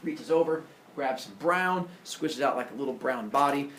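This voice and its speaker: Brief: jokey, animated male teacher; roomy classroom with faint background hum. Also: mid-range voice, normal speed. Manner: jokey, animated, teasing the students. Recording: echoey classroom.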